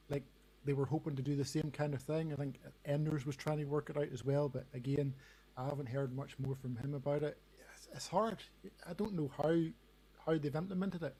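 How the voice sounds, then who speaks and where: A man's voice: on the high side, dark tone, slightly rough, poor audio. Earnest man talking games. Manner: earnest, repeats "you know". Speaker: podcast guest. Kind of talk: casual gaming chat.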